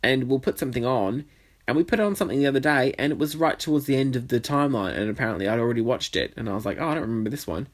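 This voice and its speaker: A man's voice: mid-range voice, animated, rapid-fire. Rambling, sweary man. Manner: rambling, sweary, goes off on tangents. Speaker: podcast host, drag performer. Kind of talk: casual solo podcast chat. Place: bedroom.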